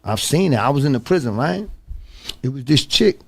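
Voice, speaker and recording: A man's voice: mid-range voice, lively intonation, moderate pace, creaky, slightly rough. A man hosting a talk show, telling stories in a casual, emphatic way and calling his listeners "bro" often. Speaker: podcast host. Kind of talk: casual storytelling.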